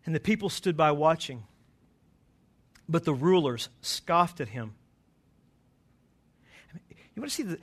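A male pastor preaching a sermon slowly and emphatically, his voice swelling loud when he quotes scripture. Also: a little high.

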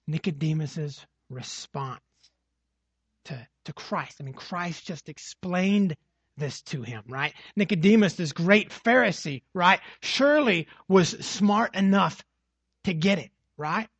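A man's voice: high-pitched, expressive, slow, fairly bright tone, slightly rough, no room sound, lo-fi sound. A man preaching an expository sermon, emphatic, often repeating phrases and asking "right?" to drive a point home.

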